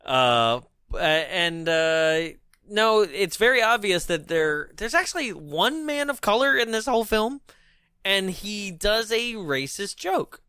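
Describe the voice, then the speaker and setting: A man's voice: sits high, animated, slow, pushed and bright, smooth, no room sound, studio quality. A man hosting a podcast in a casual movie chat, rambling with lots of ums and uhs and laughing mid-sentence. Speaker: podcast host.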